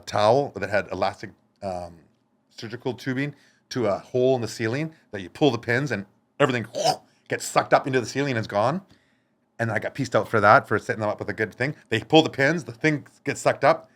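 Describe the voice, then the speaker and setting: A man tells a wild story as a podcast guest, loose and animated, cursing casually. His pitch sits in a normal middle range. He is recorded in a podcast studio. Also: a little fast. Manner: animated, swearing, acts out others' lines.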